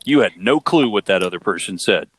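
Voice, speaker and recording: A middle-aged man hosts a relaxed talk show and spins a story with plenty of drama. His pitch swings widely as he builds each moment. The sound is close and dry. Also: a little fast, husky, dry recording. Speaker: podcast host. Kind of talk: casual storytelling chat.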